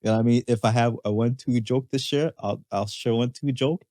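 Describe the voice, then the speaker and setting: A man's voice: mid-range voice, fairly even intonation, fast talker, dark tone, dry recording. A man co-hosting a podcast in casual chat, laid back, often repeating words as he starts, in a dry room. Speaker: podcast co-host.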